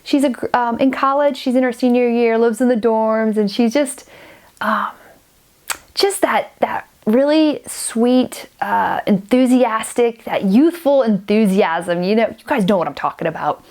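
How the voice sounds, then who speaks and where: A woman's voice: on the high side, unhurried, a little mellow. Chatty forty-something woman knitting podcaster. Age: 40s. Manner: chatty, gushing, rambling with many restarts. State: stuffy and sniffly. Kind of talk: casual chat to camera.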